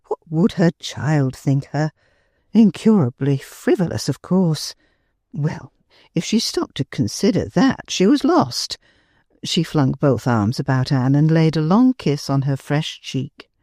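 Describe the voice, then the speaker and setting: Low, slow woman narrating a classic novel. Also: dry recording, clean studio sound. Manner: expressive, unhurried. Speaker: audiobook narrator. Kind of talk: scripted literary narration.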